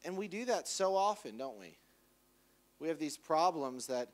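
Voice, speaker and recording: A man's voice: on the high side, big pitch swings, unhurried, long pauses. A man preaching a conversational sermon in church, casually acting out quoted voices. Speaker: pastor.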